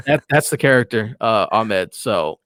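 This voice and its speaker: Relaxed low-voiced male guest, dry sound. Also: a little slow, clear, resonant tone, no room sound. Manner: relaxed, enthusiastic, often trails off softly. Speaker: guest, voice actor and podcaster. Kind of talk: casual interview chat.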